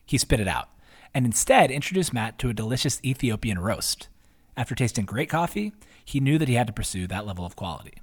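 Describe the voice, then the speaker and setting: A man's voice: mid-range voice, sing-song, a little fast, breathy edge. A man reading his own newsletter post aloud as scripted narration, in a chatty way with wry asides. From half Italian.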